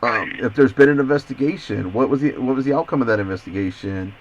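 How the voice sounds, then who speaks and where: A man's voice: medium pitch, fast, a little hiss or hum. A man working as an investigative journalist, talking insistently on a recorded phone call and often stammering and repeating his words. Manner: insistent, persistent.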